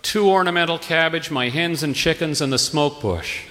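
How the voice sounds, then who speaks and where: A man's voice: a little high, normal speed, a bit bright, lightly acted. Disbelieving garden lady, a man voicing her, echoey hall. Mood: indignant. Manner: indignant, disbelieving. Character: indignant middle-aged woman, gardener. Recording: long hall reverb.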